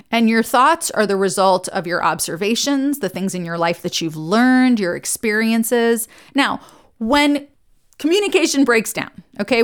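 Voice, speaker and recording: A woman therapist hosting a podcast, explaining emotions in a conversational teaching monologue with frequent check-ins to the listener. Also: fairly high pitch.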